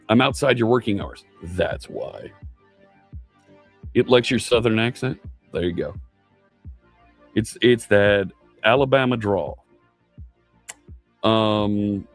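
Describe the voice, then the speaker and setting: Middle-aged male streamer, lower voice, loose and chatty with viewers, faint music bed underneath. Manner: chatty, reads chat aloud, many fillers. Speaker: live coding streamer. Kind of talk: casual live stream chat with viewers.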